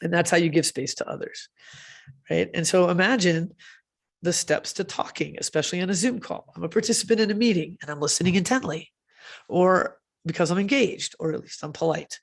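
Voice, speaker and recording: Woman speaker, conversational conference delivery, low fry in the voice, self-correcting and checking in with listeners. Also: fairly quick. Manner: chatty, often tags "right?" and self-corrects with fillers.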